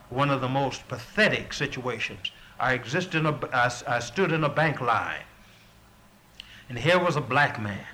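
Bright-voiced man, earnest and preacherly. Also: on the high side, rough recording. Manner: earnest, preacherly, repeats words when building a point. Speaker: interviewee. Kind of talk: impassioned recollection.

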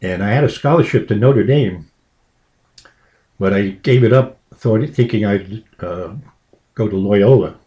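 Rambling storyteller from Brooklyn. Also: male voice, fairly low pitch, measured pace, pauses often, warm tone. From Brooklyn, New York. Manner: rambling, full of uh fillers. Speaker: interviewee. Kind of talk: oral history storytelling.

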